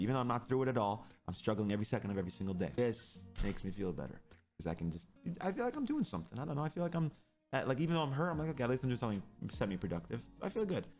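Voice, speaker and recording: Fast-talking young man, intense and rambling. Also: on the low side, darkish tone. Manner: rambling, intense, swears often. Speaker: streamer. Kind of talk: emotional personal story.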